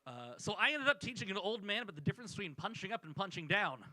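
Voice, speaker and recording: A man's voice: high-pitched, very animated, fast talker, sharp tone, no room sound, rough recording. A man doing a wry, self-deprecating stand-up set on a small club stage into a stage mic. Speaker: stand-up comedian.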